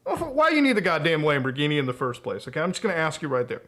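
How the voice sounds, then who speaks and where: A male streamer rants live with a high voice that swoops up and down constantly. He talks casually and profanely, turning exasperated and mocking as he goes. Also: wildly swooping pitch, racing, fairly bright tone. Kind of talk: casual livestream rant.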